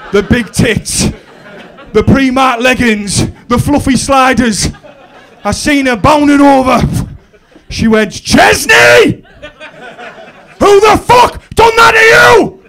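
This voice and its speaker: A man in his thirties with a Middlesbrough accent delivers a stand-up routine on a comedy club stage, speaking into a handheld mic. His voice sits high for a man. He tells his story with plenty of swearing, swinging from hushed asides to loud outbursts. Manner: animated, sweary storytelling with big swings in pitch and loudness.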